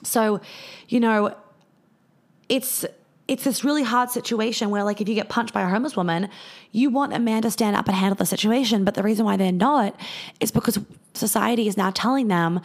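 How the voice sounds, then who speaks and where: A woman's voice: mid-range voice, fairly quick. A woman speaking candidly to her viewers in a casual monologue, telling stories and swearing freely. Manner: candid, swears often, storytelling.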